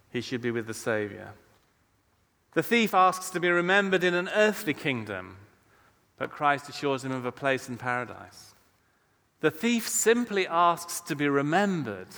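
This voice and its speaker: A man preaching a sermon in a slow, measured way, letting his phrase ends fall soft. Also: a little high. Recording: long hall reverb.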